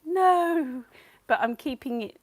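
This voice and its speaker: A woman's voice: high voice, animated, slow, background noise. A woman chatting casually on a live stream at home, greeting viewers by name and giggling as she paints. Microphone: clip-on mic.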